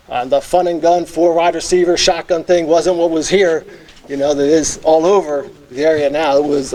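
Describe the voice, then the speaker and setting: Earnest middle-aged man, fairly high voice. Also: darkish tone. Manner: earnest, reminiscing, many fillers. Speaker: hall of fame inductee, former teacher and football coach. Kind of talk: acceptance speech.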